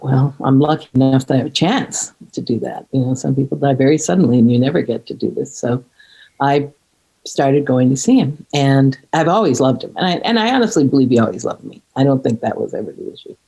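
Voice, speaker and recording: A middle-aged woman talks in an earnest, halting way, stopping and restarting as she searches for the words. Her voice is dark and mellow with a slightly husky edge. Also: a bass voice, low-quality recording. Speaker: podcast guest. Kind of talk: reflective conversation.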